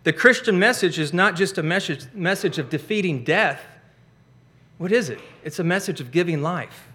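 A pastor delivers his sermon in a bright, forceful tone. His voice sits a touch above the usual for a man. He drives each point home with emphatic, rising stresses. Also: high-pitched, lively intonation, normal speed.

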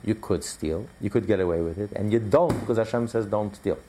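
A man's voice: lowish voice, brisk, warm tone. A man teaching a recorded Torah class, emphatic and conversational, repeating his points with fillers.

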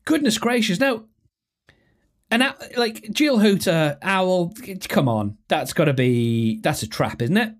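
A man talks alone to his listeners in a loose, chatty podcast style. He is animated and self-mocking, and he keeps restarting his sentences. His voice swings widely in pitch, from low asides to high exclamations. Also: measured pace. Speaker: podcast host. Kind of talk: casual solo podcast talk.

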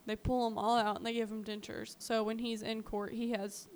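A woman's voice: on the high side, flat delivery, moderate pace, a little mellow. A woman co-hosting a podcast, telling a true-crime story in a chatty way with lots of fillers. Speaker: podcast co-host. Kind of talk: casual true-crime chat.

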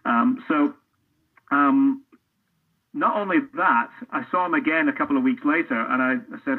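A man's voice: medium pitch, moderate pace. A middle-aged man from Scotland, a football commentator, talking earnestly and thoughtfully in an interview, often restarting his sentences. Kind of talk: reflective casual interview talk. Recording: tinny phone-line audio.

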